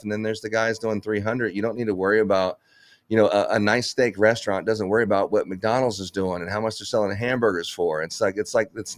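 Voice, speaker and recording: A man's voice: lowish voice, no echo. A man who runs a Christmas lights business, talking bluntly in a casual live chat, swearing and laughing often.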